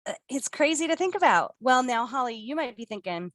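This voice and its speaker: A woman's voice: sits high, lively intonation, fairly quick, fairly bright tone, no room sound. Reflective woman, dry close sound. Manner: conversational, reflective, talks to the audience. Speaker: co-host presenter. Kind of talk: motivational talk.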